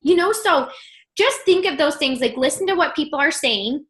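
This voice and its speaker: Upbeat woman coaching her team on a video call, high voice, lots of "like" and "you guys". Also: expressive, moderate pace. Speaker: team leader.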